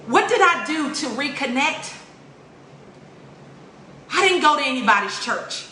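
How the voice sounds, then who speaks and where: A woman's voice: high-pitched, sing-song, measured pace, bright, forceful tone, a little hiss or hum. A woman giving an emotional, tearful spoken appeal, pleading in a repetitive preaching cadence. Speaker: religious vlogger. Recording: roomy echo.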